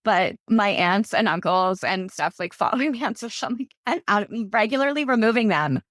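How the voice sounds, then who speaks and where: A woman's voice: medium pitch, expressive, brisk, a bit bright, no room sound, studio quality. Chatty woman author telling family stories. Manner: chatty storytelling, many "like" fillers, quotes her family. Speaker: author guest. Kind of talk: casual interview chat.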